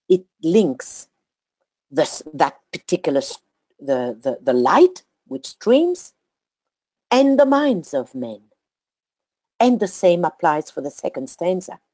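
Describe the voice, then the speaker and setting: A woman with a low, mellow voice teaches a study group at an unhurried pace. Her pitch rises and falls in lively sweeps as she counts things out deliberately. The sound is dry and close. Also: dry recording. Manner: slow, deliberate, counting out syllables.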